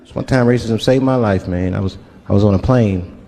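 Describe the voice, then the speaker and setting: A man performing a stand-up comedy set on a live stage, telling stories in an animated way and slipping in and out of voices. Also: on the low side, a little fast. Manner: animated storytelling, swinging between voices. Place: live stage before an audience. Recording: live stage with crowd noise. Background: audience laughter.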